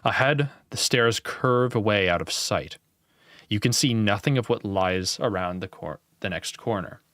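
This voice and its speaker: A man's voice: fairly low pitch, a little slow, fairly bright tone, dry recording. A young man reading a gamebook aloud and playing along, with casual, wry remarks and the odd swear. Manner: casual, wry, swears and laughs at his own slips. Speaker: gamebook player and channel host.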